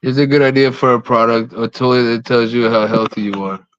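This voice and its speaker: A man's voice: mid-range voice, fairly even intonation, a little fast, fairly bright tone, clear, resonant tone. A man co-hosting a casual podcast, telling rambling stories and swearing casually. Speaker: co-host. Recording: slightly dull, dry mic.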